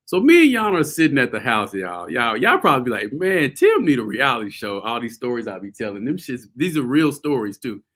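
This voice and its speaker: A man hosting a show, telling a story casually to his viewers, animated and laughing often. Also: medium pitch, a little fast, hardly any pauses. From US South. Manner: animated, laughing often, addresses audience as y'all. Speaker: host.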